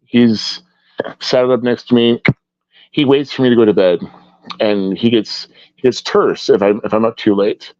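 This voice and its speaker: A man with a fairly low voice talks in a rambling, storytelling way, often restarting his sentences. The sound is dry and dull, like a lo-fi recording. He is a guest on a casual interview chat. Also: a little mellow, no echo. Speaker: guest artist.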